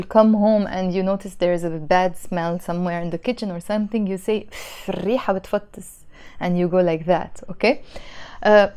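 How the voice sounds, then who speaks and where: A woman teaching spoken phrases, patiently repeating each one slowly and then at normal speed. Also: mid-range voice, a little mellow. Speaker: language teacher. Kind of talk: explaining vocabulary.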